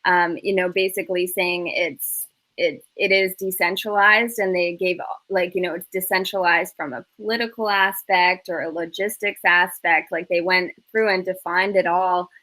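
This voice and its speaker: A woman guest on a panel chat, summarising news in a measured, hesitant way with many fillers. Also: on the low side, steady tone, bright, forceful tone.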